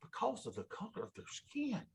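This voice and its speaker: A man talks in a loose, folksy ramble and addresses his listeners as y'all. His voice is gravelly and husky. He sounds emotional and earnest as he speaks. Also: extremely high pitch, wildly swooping pitch, brisk. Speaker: financial advisor giving a talk. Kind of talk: casual rambling monologue.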